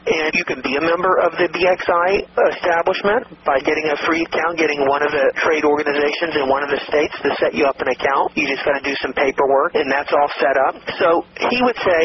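A man's voice: fairly high pitch, steady tone, fairly quick, few pauses, lo-fi sound, very noisy. A man coaching listeners on business deals in a persuasive instructional talk, often checking that they are following along.

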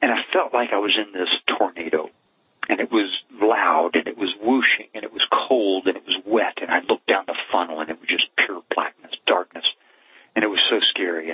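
A man's voice: fairly low pitch, slightly rough, no room sound. A middle-aged man, a cardiologist guest, telling a personal story in an earnest, heartfelt way. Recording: tinny phone line, dry.

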